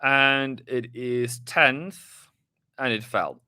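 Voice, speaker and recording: A man's voice: medium pitch, fairly even intonation, drawn-out words, bright, forceful tone, clean tone, no room sound, clean studio sound. A man hosting a live trading stream, rambling casually through the markets with restarts and asides to his viewers, a little out of breath. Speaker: trading livestream host.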